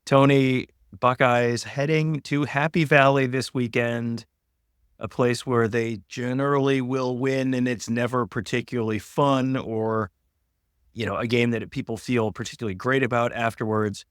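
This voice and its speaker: A man's voice: mid-range voice, little pitch movement, moderate pace, smooth, no room sound. A man co-hosting a sports podcast, wry and conversational. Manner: wry, dry humor, conversational. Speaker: podcast co-host. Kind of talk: casual sports podcast banter.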